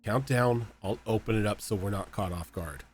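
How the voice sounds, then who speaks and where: A man voicing a wary adult male adventurer who gives terse, steady instructions. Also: on the low side, normal speed, slightly rough, faint music behind.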